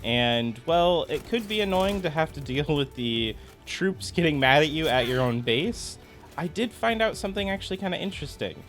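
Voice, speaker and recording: A man's voice: a little high, lively intonation, normal speed, fairly bright tone, faint music behind. A man giving casual gameplay commentary, chatty and explaining things step by step as he plays. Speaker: gaming content creator.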